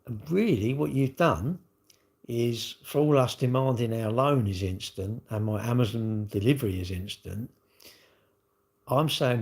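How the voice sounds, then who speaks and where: A man's voice: mid-range voice, moderate pace, darkish tone. A man, rambling in casual livestream chat and answering viewers' comments with lots of tag questions. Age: 60s. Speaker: livestream host.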